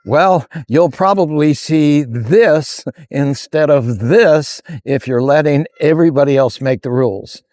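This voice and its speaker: A man telling a motivational story in a folksy, animated way, acting out the characters' dialogue. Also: on the high side, measured pace, few pauses, dry recording, clean studio sound. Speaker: motivational speaker. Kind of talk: storytelling talk to camera.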